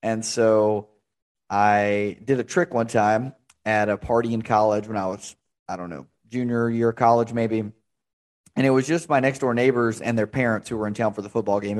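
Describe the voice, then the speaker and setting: A man's voice: on the low side, fairly even intonation, normal speed, darkish tone. A young man hosting a podcast interview, chatting casually and rambling through stories. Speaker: podcast host.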